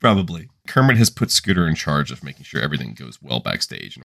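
A podcast co-host who recaps an episode with casual, wry asides. His voice sits deep but moves with a lot of lively pitch. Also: fast talker, creaky, noisy background. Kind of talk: casual chat.

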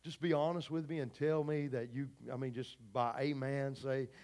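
A man's voice: mid-range voice, steady tone, normal speed, darkish tone. A man preaching a sermon to his congregation in a fervent, folksy way, speaking straight to the people in the pews. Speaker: pastor. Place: church service before a congregation.

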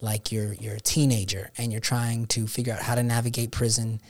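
A man's voice: mid-range voice, level tone, fairly quick. A man hosting an interview podcast, reflecting and building his points step by step. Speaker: podcast host. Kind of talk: conversational interview.

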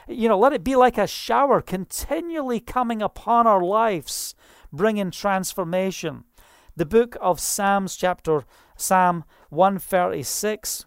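A preacher, delivering a sermon in a fast, fervent style with frequent hallelujahs. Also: medium pitch, smooth, no echo, clean studio sound.

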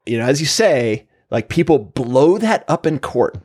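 A man hosting a medical podcast, an emergency physician who chats casually and tells self-deprecating stories from his work with animated energy. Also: medium pitch, unhurried, slightly rough. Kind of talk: casual chat, anecdotal storytelling.

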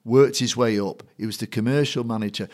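A man's voice: mid-range voice, fairly quick. A middle-aged man with a Mancunian accent tells stories from his career as a matchday compere, acting out the people he meets along the way. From Manchester, England. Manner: lively raconteur who acts out the people in his stories. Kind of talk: anecdotal storytelling in a conversation.

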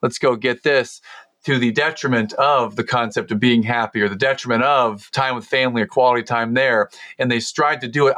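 A male podcast host speaks in a reflective, measured way and lingers on key words. His voice sits at a middle pitch. The sound is dry and close, with no room echo. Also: steady tone, bright, forceful tone. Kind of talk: conversational podcast talk.

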